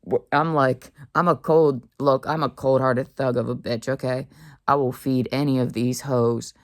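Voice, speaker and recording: A woman's voice: extremely low pitch, steady tone, normal speed, dry recording, studio quality. A young woman in a dorm room talking casually into the camera, rambling in a slangy, blunt way. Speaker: vlogger. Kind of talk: casual monologue.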